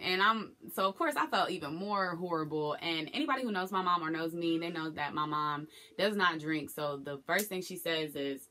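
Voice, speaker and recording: Brief: young woman, low and bright voice, candid emotional vlog storytelling. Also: expressive, normal speed, hardly any pauses. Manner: candid, emotional retelling with acted quotes. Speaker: vlogger. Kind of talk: personal storytelling to camera.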